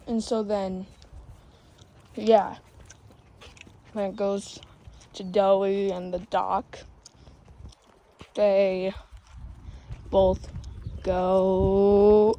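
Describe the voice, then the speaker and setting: Slow rambling woman. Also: mid-range voice, fairly even intonation, warm tone, a little hiss or hum, low-quality recording. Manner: rambling, many restarts, acts out quotes. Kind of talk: casual plot retelling.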